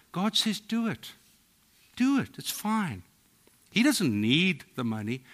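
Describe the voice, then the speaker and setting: A middle-aged South African man, a pastor preaching a sermon, telling stories in a voice that drops to a hush and then rises to loud exclaiming. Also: medium pitch. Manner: storytelling, swings from hushed to exclaiming.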